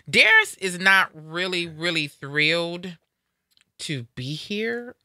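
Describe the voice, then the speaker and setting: Middle-aged lady hosting a live show, bright voice, playful and upbeat. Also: on the low side, sing-song, slow, no room sound, studio quality. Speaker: radio show host. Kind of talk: casual live show chat.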